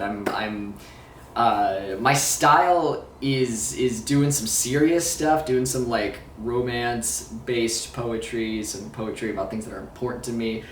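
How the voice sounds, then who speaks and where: A man's voice: mid-range voice, far from the mic, slight background noise. A man chatting casually in a vlog while recovering from surgery, rambling, swearing and joking at himself. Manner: rambling, profane and self-mocking, laughs often. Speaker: vlogger. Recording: roomy sound, away from the mic, faint ambience.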